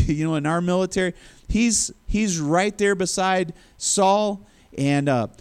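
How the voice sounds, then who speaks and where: A man's voice: on the high side, clear, resonant tone. A male preacher giving a sermon in a conversational storytelling manner. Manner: conversational storytelling, acts out quotes.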